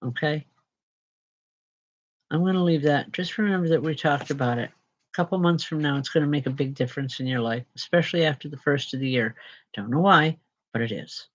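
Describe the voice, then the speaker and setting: A tired woman medium giving live spirit readings to viewers, chatty and unhurried with frequent restarts. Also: low-pitched, dull audio.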